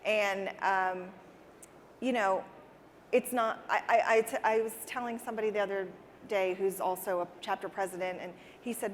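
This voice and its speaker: A woman's voice: mid-range voice, fairly even intonation, moderate pace, slight background noise. A woman answering interview questions in an earnest, conversational way, often repeating words as she restarts a thought. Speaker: interview guest, interior designer. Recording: reverberant hall with faint ambience.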